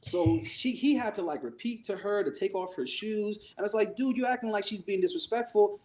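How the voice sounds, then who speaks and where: A podcast co-host with a high, slightly mellow voice talks fairly quickly, telling a story in casual conversation. He acts out the voices he quotes and swears freely.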